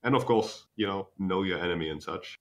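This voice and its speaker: A deep-voiced young man runs a tabletop game as its game master. He explains things in a measured way and often pauses on "uh" to restart a sentence.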